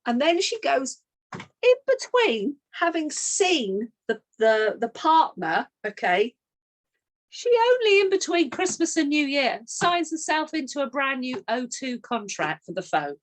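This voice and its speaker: A woman's voice: sits high, very animated, measured pace. A middle-aged woman leading a team coaching session, telling a sales story and acting out both sides of the call.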